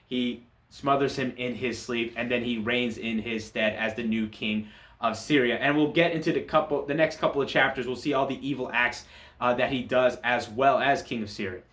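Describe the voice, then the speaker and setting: A man giving a relaxed, conversational talk on a Bible chapter, often restarting his sentences as he explains the story. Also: mid-range voice, echoey room. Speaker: church Bible study teacher. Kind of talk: casual Bible chapter commentary.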